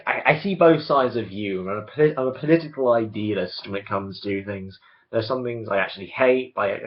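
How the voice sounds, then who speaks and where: A young man ranting casually to camera about a film franchise, rambling and stopping to restart his sentences. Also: on the low side. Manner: rambling, self-interrupting, opinionated. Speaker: video blogger. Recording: dull lo-fi recording.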